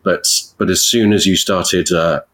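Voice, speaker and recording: A man's voice: sits low, steady tone, unhurried, a bit bright, a little hiss or hum, poor audio. A man giving football analysis on a podcast, thinking aloud and hesitating often. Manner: hesitant, with many restarts. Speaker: football pundit. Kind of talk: casual podcast discussion.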